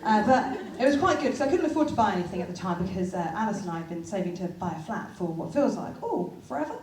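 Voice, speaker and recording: A woman's voice: mid-range voice, sing-song, fast talker, darkish tone, echoey room. A woman in her thirties from England performing a chatty, self-deprecating stand-up comedy set on a venue stage. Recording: live theatre, far mic, crowd laughter.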